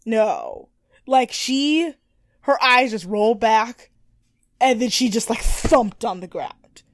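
A woman's voice: a little high, slow, dry recording. Chatty woman podcast co-host, dry sound. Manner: animated, swearing, laughs often. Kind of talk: casual recap chat.

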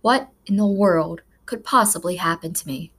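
A woman reading the part of a weary, melancholy older farmer, speaking in a breathy, sighing half-whisper as if half asleep. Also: on the low side, moderate pace, a bit bright. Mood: sleepy grumbling. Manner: groggy, grumbling.

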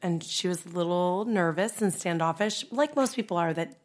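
A woman cycling instructor, under the weather with a stuffed-up, husky voice, chatting casually as a podcast guest. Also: fairly low pitch, moderate pace.

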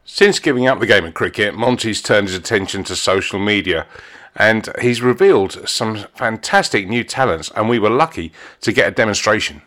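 A male narrator with a lively, announcing delivery who reads scripted links. His voice is lowish and very varied in pitch. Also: moderate pace.

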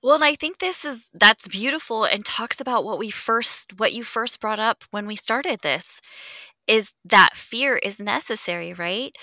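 Bright-voiced woman, candid and earnest. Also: mid-range voice, unhurried, no room sound. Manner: earnest and reflective, swears freely, sometimes drops to a near whisper. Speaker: podcast host. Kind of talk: candid conversational chat.

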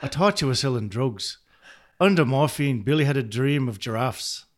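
A man voicing an Irish character from a film scene, quoting a line quietly in an Irish accent. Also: medium pitch, lively intonation, normal speed, close to an everyday voice. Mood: accusing.

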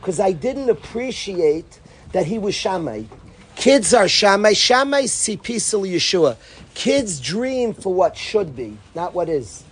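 A man, a rabbi and educator, giving an informal Torah talk as an animated storyteller who acts out dialogue. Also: sits high, slow pace, slight background noise.

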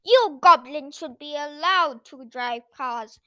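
A woman voicing an excitable little male toy taxi driver, speaking brightly and emphatically. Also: very high-pitched, unhurried, dry recording, clean studio sound, exaggerated voice. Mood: cross. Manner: bright, emphatic and easily cross.

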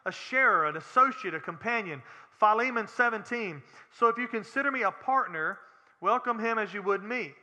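A man's voice: high voice, animated, normal speed, bright, forceful tone, in a large hall. A man preaching a sermon as pastor, earnest and plain-spoken, asking the congregation direct questions.

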